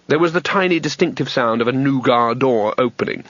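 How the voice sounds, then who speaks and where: A man reading a comic fantasy audiobook in a measured, wry way. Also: mid-range voice, a bit bright, no echo. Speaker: audiobook narrator. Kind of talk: scripted narration. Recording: dull, dry lo-fi recording.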